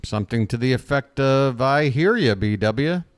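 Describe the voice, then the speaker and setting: A man's voice: medium pitch, animated, moderate pace, no room sound. Dry-sounding fan play-by-play man. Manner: chatty, addresses listeners as folks, frequent uh fillers. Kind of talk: live fan play-by-play and commentary.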